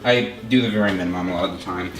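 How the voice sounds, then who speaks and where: A man doing a casual unboxing vlog at home, gushing and excitable, often poking fun at himself. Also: low-pitched, rapid-fire, a little hiss or hum. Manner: gushing, excitable, self-mocking. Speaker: YouTuber unboxing a phone. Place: room at home. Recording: roomy echo with background music.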